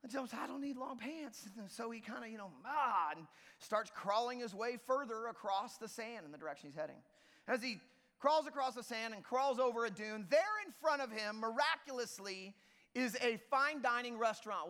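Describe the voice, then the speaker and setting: A man preaching a sermon as lead pastor, lively and joking with the congregation in a church auditorium. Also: extremely high pitch, normal speed. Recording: long reverb of a church hall.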